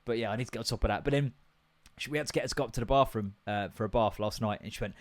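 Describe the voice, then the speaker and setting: A man's voice: on the low side, very fast. A young English man hosting a podcast, ranting in a casual, sweary way that jumps from topic to topic. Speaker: podcast host.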